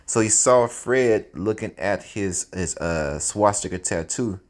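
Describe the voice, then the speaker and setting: A man telling a story in a casual, animated, profane way, often laughing as he goes. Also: lowish voice, a little slow.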